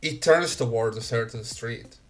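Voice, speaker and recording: A man's voice: medium pitch, a little hiss or hum. A man narrating grim scenes as game master in a tabletop game. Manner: slow, grim scene-setting.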